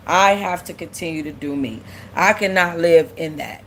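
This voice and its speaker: This young woman's voice is lowish and moves at normal speed, with a bit of background noise. On her casual livestream she talks candidly and emotionally, close to tears, going back over her words and answering comments she reads from viewers.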